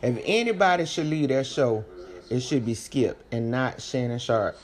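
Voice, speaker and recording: A woman hosting a podcast, giving casual commentary in an animated, slangy, chatty way, her voice swinging between loud and soft. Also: rumbling low, moderate pace. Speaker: podcast host.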